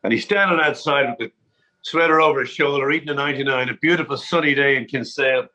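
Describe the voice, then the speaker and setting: A man's voice: mid-range voice, quick pace, bright, forceful tone, poor audio. An Irish man telling golf anecdotes on a panel in a chatty way, often repeating words as he starts a sentence. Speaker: panel guest. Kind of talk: anecdotal storytelling.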